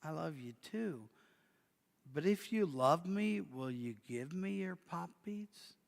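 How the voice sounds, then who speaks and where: A man voicing a gentle father who speaks softly to his small daughter in a sermon story. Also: high voice, expressive, a little slow, vocal fry, big-room sound, voice pushed up, exaggerated voice. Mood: tender. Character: gentle quiet-spoken father.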